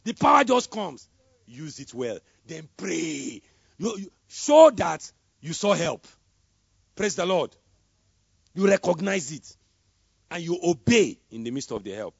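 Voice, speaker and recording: A man preaching a sermon, swinging between loud emphatic calls and soft murmured prayer. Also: a little high, very animated, unhurried, creaky, pauses often, breathy edge, dry recording. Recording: dull lo-fi sound.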